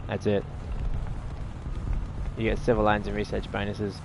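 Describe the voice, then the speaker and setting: Aussie guy talking over his game, lowish voice, rambly and sarcastic, faint gunfire behind. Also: monotone, moderate pace, creaky, noisy background. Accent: Australian. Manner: rambling, sarcastic, easily exasperated. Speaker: gaming channel host. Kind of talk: live gameplay commentary.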